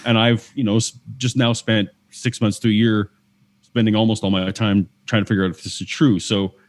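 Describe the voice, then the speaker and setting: A man's voice: fairly low pitch, level tone, fairly quick. A man from Canada speaking as a guest in a candid interview, earnest and searching, often restarting his sentences. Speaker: podcast guest.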